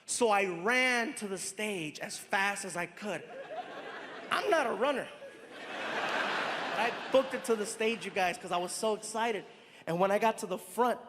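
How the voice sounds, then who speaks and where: A middle-aged man doing stand-up, telling a story in an animated way. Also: high-pitched. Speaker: stand-up comedian. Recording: live venue with long reverb.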